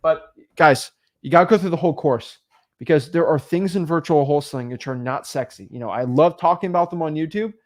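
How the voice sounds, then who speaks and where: A man co-hosting a livestream, talking in an animated, coaching way and acting out conversations, with many "right?" and "like" fillers. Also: fairly high pitch, fairly quick. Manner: animated, acts out quoted dialogue, frequent "right?" and "like". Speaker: co-host of real estate livestream. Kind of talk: motivational livestream talk.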